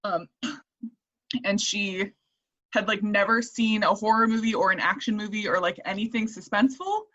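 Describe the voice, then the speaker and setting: A woman's voice: medium pitch, normal speed, fairly bright tone. A woman guest on a podcast chatting casually, with many fillers and "like"s. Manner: chatty with fillers and laughs, lots of "like". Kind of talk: casual chat. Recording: dull lo-fi sound.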